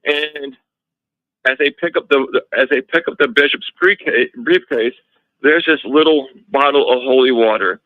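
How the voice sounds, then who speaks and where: A man's voice: mid-range voice, moderate pace, dry recording. Guy telling his story on an interview show, keeps restarting and acting out what people said, kinda muffled lo-fi sound. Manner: animated storyteller, frequent restarts and retold dialogue. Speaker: guest recounting a haunting in his home. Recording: slightly dull lo-fi audio.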